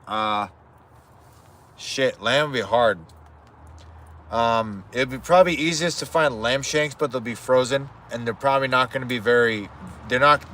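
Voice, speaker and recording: Bright-voiced man rambling at a cookout. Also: mid-range voice, a little hiss or hum. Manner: rambling, swears casually. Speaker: streamer cooking live. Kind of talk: casual live-stream chat. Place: outdoors at a home cookout.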